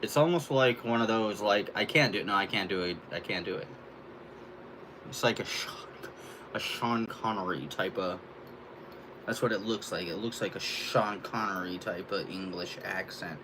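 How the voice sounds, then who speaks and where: A man's voice: on the low side, moderate pace, background noise. A young man hosting a casual livestream, rambling loosely with fillers and the odd curse. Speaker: livestream host.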